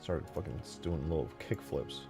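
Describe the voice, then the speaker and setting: A deep-voiced young man hosting a livestream, rambling and cracking jokes between loose curses. Faint music plays underneath his casual chatter. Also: moderate pace, creaky. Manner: rambling, joking, swears freely. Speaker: livestream host.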